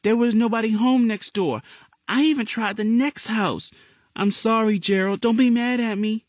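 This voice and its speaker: A man's voice: high-pitched, steady tone, moderate pace, dry recording, pitched above the performer's own voice, natural voice. A man reading aloud voices a timid little girl with a small, pleading delivery. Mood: apologetic.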